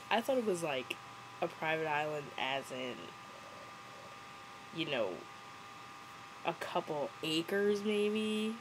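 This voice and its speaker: A woman's voice: deep voice, animated, takes it slowly, long pauses, slight background noise, poor audio. A young woman rambling through a casual, sarcastic movie review, giggling as she goes.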